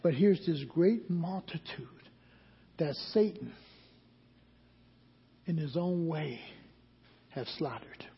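A man's voice: fairly high pitch, animated, slow pace, long pauses, slightly rough. A male preacher delivering a sermon, asking the congregation questions and answering them himself. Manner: call-and-response questions to the congregation. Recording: dull recording with long hall reverb.

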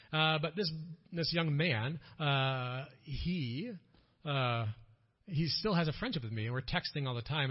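A missionary speaker with a Minnesotan accent tells an audience a story conversationally, full of fillers and self-corrections. His voice runs somewhat high, and the audio is dull.

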